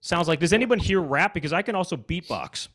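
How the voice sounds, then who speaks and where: A high-pitched comedian talks briskly, doing silly crowd work at a live-streamed comedy show with the audience on video call. His improvised set is goofy and full of deadpan, absurd riffs, picked up by a video call mic.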